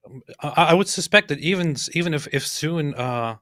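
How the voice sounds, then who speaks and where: A man's voice: on the high side, expressive, fairly quick, a bit bright, no room sound, clean studio sound. A man co-hosting a casual political chat, sardonic, often stammering and restarting as he talks. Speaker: co-host.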